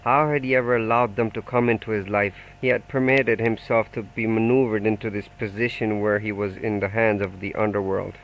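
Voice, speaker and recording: A man reading a novel aloud in steady, measured audiobook narration. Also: on the low side, poor audio.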